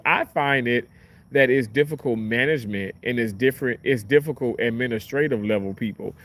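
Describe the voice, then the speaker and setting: A young man working as a surgical tech, telling work stories in a casual, animated vlog chat and swearing freely. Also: medium pitch.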